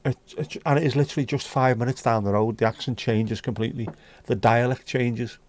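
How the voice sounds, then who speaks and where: Man, casual livestream chat, blunt and chatty, mid pitch, dry close sound. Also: fairly even intonation, a little fast, darkish tone, dry recording. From North West England. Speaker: livestream host.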